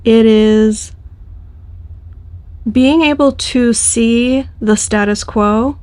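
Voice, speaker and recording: A woman's voice: fairly high pitch, drawn-out words, a little mellow, no room sound. A woman giving a casual spoken tarot reading to her viewers, thinking aloud with loose phrasing and frequent fillers. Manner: thoughtful, loose delivery with frequent fillers and restarts. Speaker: tarot reader.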